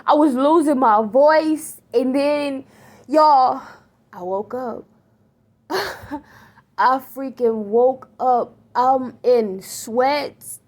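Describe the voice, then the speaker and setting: A shaken woman with a fairly high voice talks straight to her viewers. Her telling is animated and slangy, full of fillers. It is a casual spiritual testimony about a dream. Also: extremely slow, long pauses. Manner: animated, excited, slangy storytelling with many fillers. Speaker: vlogger recounting a dream.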